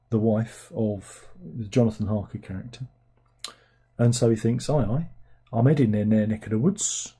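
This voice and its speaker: A man's voice: mid-range voice, mellow, slightly rough. A man giving a casual film review, blunt and sarcastic, rambling from one aside to the next.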